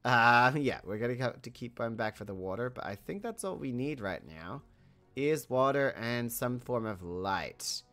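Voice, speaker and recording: Chatty woman thinking aloud with lively pitch. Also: moderate pace, faint music behind. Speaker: host. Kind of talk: casual building commentary.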